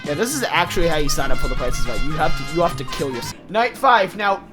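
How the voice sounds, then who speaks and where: A man's voice: fairly high pitch, sing-song, fast talker, over music. A man giving casual let's-play commentary with joking, mumbled asides. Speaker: gameplay commentator.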